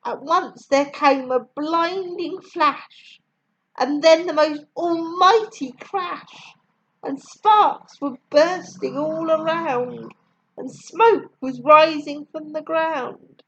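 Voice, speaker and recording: Slow, expressive woman reading rhymes. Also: sits high, muffled recording, a little hiss or hum. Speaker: storyteller. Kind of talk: reading rhyming poems aloud.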